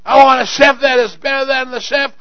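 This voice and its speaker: High-voiced preacher who shouts and repeats. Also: male voice, level tone, a little fast, no room sound, lo-fi sound. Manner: swings from low asides to shouted exhortation, repeats words. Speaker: pastor. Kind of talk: sermon. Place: church sanctuary.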